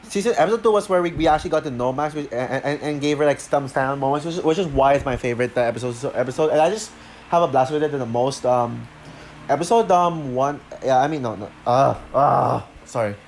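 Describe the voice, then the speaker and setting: A man talking through a show review off the cuff, halting with many fillers and restarts, short of breath. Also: medium pitch, a little mellow, slight background noise. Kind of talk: unscripted review talk.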